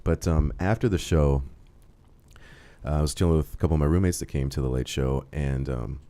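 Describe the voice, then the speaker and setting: A man's voice: extremely low pitch, brisk, mellow. A young man in his twenties rambling through a story on a comedy talk show, with lots of fillers, acting out the quotes. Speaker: co-host telling a story.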